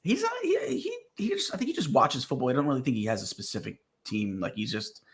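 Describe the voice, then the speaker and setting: A man's voice: mid-range voice, wildly swooping pitch, fast talker. A man with a New York accent hosting a casual sports and entertainment podcast, rambling with many fillers. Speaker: podcast host.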